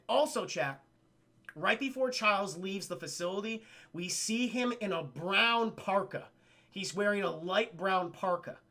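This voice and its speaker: High, bright-voiced excitable male streamer. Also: measured pace. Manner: excitable, profane retelling that often addresses the chat. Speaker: livestream film reviewer. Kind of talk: casual livestream film recap.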